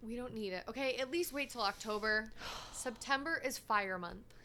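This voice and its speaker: A chatty woman co-hosting a podcast who laughs easily and keeps reaching for "like" as she talks. Her voice is bright and forceful. A faint hiss of noise runs underneath. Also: on the high side, normal speed. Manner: giggly, chatty, fills with "like". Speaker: podcast co-host. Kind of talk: casual chat.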